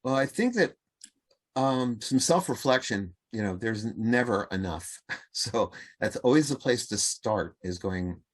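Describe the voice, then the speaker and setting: Man, podcast guest, communication coach, animated, mid-pitched, acts out quotes. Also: measured pace. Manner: animated, acts out quoted voices, laughs easily. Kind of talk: conversational interview.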